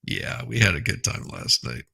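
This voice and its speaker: A man's voice: sits low, big pitch swings, normal speed, creaky, sharp tone, breathy edge. A man hosting a casual, opinionated news commentary show, talking bluntly and often repeating himself. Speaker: host of a news commentary channel.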